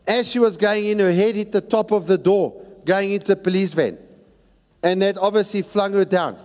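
A man with a very high voice preaching a sermon, and his words ring through a big hall with a long echo. He is animated and sometimes breaks into shouts as he acts out the people in his story. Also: moderate pace. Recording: long reverb of a large hall.

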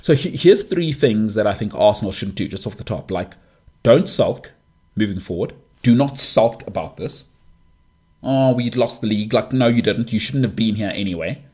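A man's voice: fairly low pitch, normal speed, slightly rough. A man in his thirties hosting a sports podcast, giving blunt opinions in an emphatic, casual monologue. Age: 30s. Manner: opinionated, emphatic, lively delivery.

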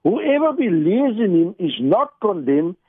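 A man's voice: sits high, sing-song, measured pace, husky, no room sound. A man, an evangelist speaking as a radio guest over the phone, earnest and repeating phrases for emphasis. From South Africa. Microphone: telephone. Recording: dry tinny phone line.

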